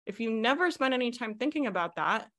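Bright-voiced woman coaching on a video call. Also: fairly high pitch. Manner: fast, animated, filler-heavy coaching talk. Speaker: business coach.

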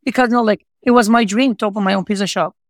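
Rapid-fire and high-pitched yet steady in tone, this man is a pizza shop owner giving an interview. He earnestly shares his personal story in broken, non-native English, repeating himself and saying "you know, like" a lot, coming across as heartfelt. The recording is dry.

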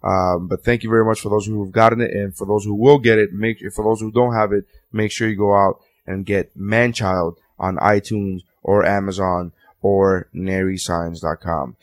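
A man's voice: on the low side, fairly even intonation, normal speed. A man hosting a podcast, reading sponsor plugs casually with lots of fillers. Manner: loose, filler-heavy, rambling plugs. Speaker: podcast host. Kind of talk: casual chat.

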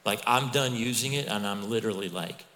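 Over some background noise and long hall reverb, a middle-aged pastor preaches a bit fast in a lowish voice. His sermon is animated and conversational, built from stories and asides to the congregation.

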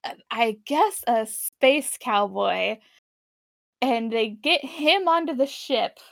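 Young female co-host, high-pitched and bubbly, dry close-mic recap chatter. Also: creaky, dry recording. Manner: animated, laughs often, quick asides. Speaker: podcast co-host. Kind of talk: casual chat recapping an episode.

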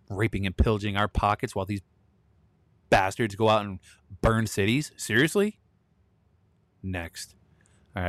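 A man's voice: lowish voice, no echo. A man in his thirties hosting a solo commentary show, blunt and ranting, often breaking into laughter. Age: 30s. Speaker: podcast host.

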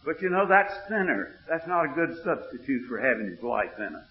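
A man's voice: brisk, hardly any pauses. A man preaching a sermon, telling a story with quoted dialogue, then rising into emphatic preaching. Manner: animated, retells dialogue in a low voice, rises when preaching. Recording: muffled recording in an echoey hall.

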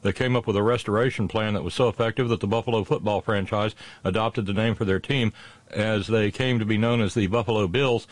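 Low-voiced man, dry satirical host. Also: steady tone, dry recording. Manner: punning asides and sarcastic jabs; slows down for punchlines. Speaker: host of a daily history segment. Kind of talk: satirical on-this-day commentary.

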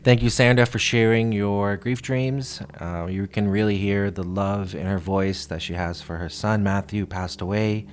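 Deep-voiced male host, calm. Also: normal speed, hardly any pauses. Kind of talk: podcast outro.

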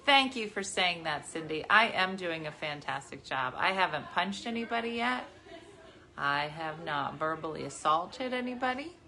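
A woman in her forties hosting a casual chat with viewers from her living room, chatty and animated, jumping from topic to topic. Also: fairly low pitch, moderate pace. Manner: chatty, animated, jumps between topics and laughs often. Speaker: livestream host.

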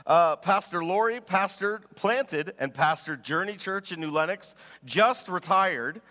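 A man preaching a sermon as pastor, telling stories in an animated way and laughing as he goes. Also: high voice, unhurried, in a large hall.

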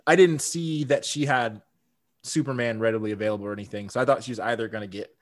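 A man's voice: medium pitch, fast. Man casually recapping a TV episode. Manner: chatty, laughs often, repeats words. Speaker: podcast co-host.

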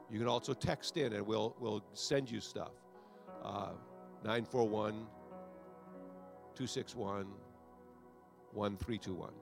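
A man's voice: lowish voice, gravelly. A man preaching as a pastor, with a repetitive, exhorting cadence that builds toward fervent prayer. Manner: rising to loud fervent prayer. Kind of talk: sermon altar call and prayer.

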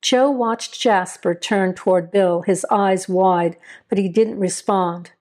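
A woman narrates a crime story in an even, measured reading. Her voice sits at a middle pitch for a woman.

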